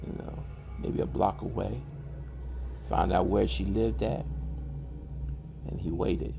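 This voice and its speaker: A man's voice: low-pitched, gravelly, background noise. A man casually narrating a horror story in a drawling, colloquial way with loose grammar.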